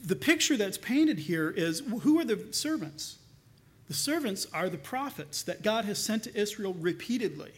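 High-voiced preacher telling a story. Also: male voice, moderate pace. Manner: animated storytelling, colloquial asides; repeats words when restarting. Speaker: pastor. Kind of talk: sermon.

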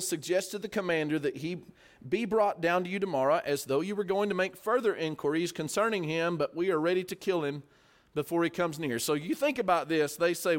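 A man preaching a verse-by-verse sermon, explaining the text in a conversational way with asides and repeated words. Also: sits high. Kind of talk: sermon, Bible study teaching.

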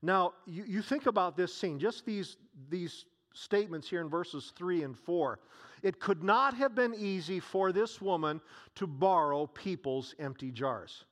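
A man with a notably high voice delivers a sermon. He retells a scripture story, acting out its dialogue and posing question after question to his listeners. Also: lively intonation, measured pace, a bit bright. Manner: storytelling, acts out scenes, many rhetorical questions. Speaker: preacher.

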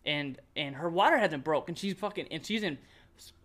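A man telling a long story as a podcast guest, animated, cursing often and restarting his sentences. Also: a little high, brisk. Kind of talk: casual storytelling chat.

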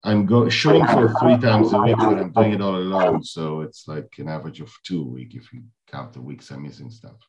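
A man hosting an interview podcast alone, relaxed, answering questions and giving short listening sounds. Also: deep voice, a little fast, hardly any pauses. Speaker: podcast host. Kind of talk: casual interview. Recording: noisy recording.

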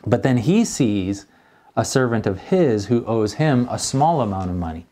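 A man's voice: on the low side, very animated, normal speed, warm tone. A middle-aged man preaching a sermon as a pastor, in an earnest, conversational way.

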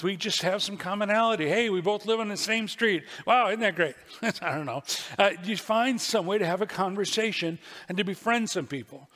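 A man's voice: high-pitched, fairly bright tone. A man preaching a sermon as pastor, telling folksy stories with asides. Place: church sanctuary. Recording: long reverb of a church hall.

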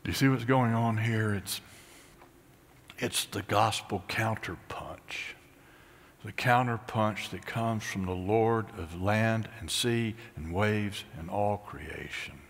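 A pastor preaching a sermon, swinging from high, excited bursts to hushed, near-whispered lines. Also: male voice, takes it slowly, gravelly, long reverb tail. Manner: animated, rising to high excited peaks then dropping to hushed near-whispers.

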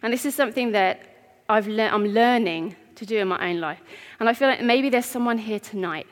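A woman giving an earnest, heartfelt sermon in a church, with pauses. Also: on the high side. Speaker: preacher. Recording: long reverb of a church hall.

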